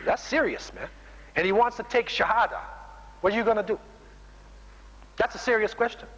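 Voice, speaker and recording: Emphatic male preacher, bright forceful tone, reverberant hall. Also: high-pitched, moderate pace. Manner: emphatic, keeps tagging sentences with "man". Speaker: Muslim preacher. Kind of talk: sermon.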